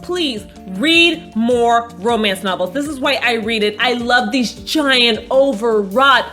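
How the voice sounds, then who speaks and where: A woman chatting casually as she recaps a TV episode, animated and playful, bursting into dramatic emphasis and swearing bluntly. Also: fairly high pitch, takes it slowly, faint music behind. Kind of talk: casual chat.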